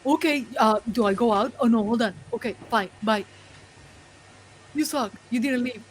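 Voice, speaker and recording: A woman's voice: on the high side, normal speed, slight background noise, natural voice, low-quality recording. A woman voicing a timid, dim-witted pet dog in an improvised comic voiceover, hesitant and eager to please.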